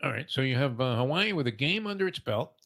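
A man's voice: medium pitch, lively intonation, quick pace, vocal fry, a bit bright. A man hosting a sports betting talk show, rambling with many fillers and emphatic lifts.

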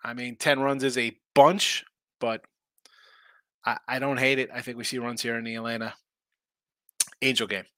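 A man's voice: mid-range voice, flat delivery, moderate pace, long pauses, fairly bright tone, no echo. A man hosting a sports betting show, talking casually and rambling through opinionated takes full of rhetorical questions.

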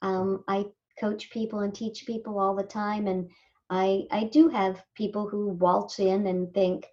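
A woman voice actor from Southern California talking casually in an interview, animated and quick to mimic people. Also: mid-range voice, dull audio. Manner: animated, slips into lively mimicry of others. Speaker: voice actor guest.

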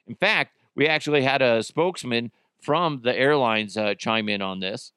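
A male podcast host in a loose, crude comedic monologue, swearing and laughing at his own jokes. His voice sits at a middling pitch and sounds dry and close to the mic. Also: normal speed, pushed and bright, smooth, no echo. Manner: crude, joking, profane.

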